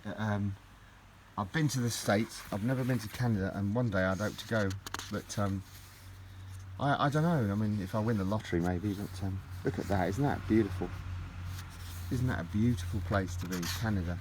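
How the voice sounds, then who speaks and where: A middle-aged man speaks with a fairly low voice. He rambles and gushes, repeating his words as he chats casually. A faint hum of room noise sits under him. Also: normal speed, a little mellow. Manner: gushing, rambling, repeats himself. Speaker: collector vlogger opening parcels. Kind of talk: casual unboxing chat.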